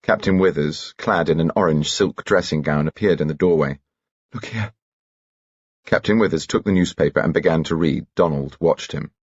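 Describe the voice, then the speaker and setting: A man narrating a detective novel in a measured, crisp reading. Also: rumbling low, no echo, lo-fi sound. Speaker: audiobook narrator. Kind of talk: scripted narration.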